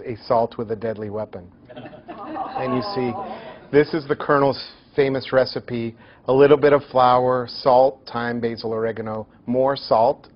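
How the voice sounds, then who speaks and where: A man giving a university lecture in a hall, telling stories in a lively, joking way. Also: mid-range voice, dull audio.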